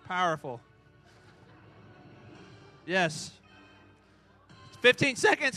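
A man's voice: sits high, expressive, a little slow, sharp tone, faint music behind. A man hosting a live church game for kids and a crowd, playful and hyped, cheering countdowns and teasing the players. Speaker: children's church game host. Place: church hall.

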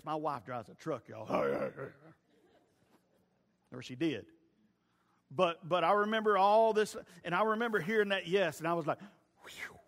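Male preacher, high voice, folksy storyteller, big reverberant hall. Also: fairly bright tone. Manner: folksy, storytelling, stumbling restarts. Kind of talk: sermon with personal stories. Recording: long reverb of a large hall.

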